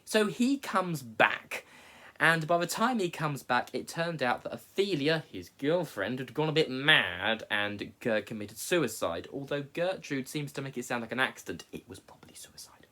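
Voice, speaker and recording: A man walks through a story in a relaxed, conversational way. His delivery is casual, with frequent joking asides. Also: medium pitch, moderate pace. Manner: chatty, jokey asides. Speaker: teacher. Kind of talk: casual explainer.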